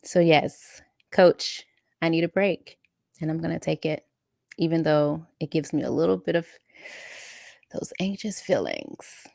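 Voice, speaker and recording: Woman on a live stream, low gravelly voice, talks slow, dry close mic. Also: expressive, no echo. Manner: warm, emotional, laughing often, reads viewer comments aloud. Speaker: live-stream host and coach. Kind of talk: casual live chat, reading out comments.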